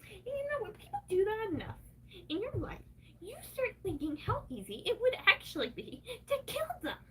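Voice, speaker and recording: A woman's voice: very high-pitched, very animated, moderate pace, bright, forceful tone, recorded from a distance, slight background noise. A woman livestreaming, venting in an angry, profane rant.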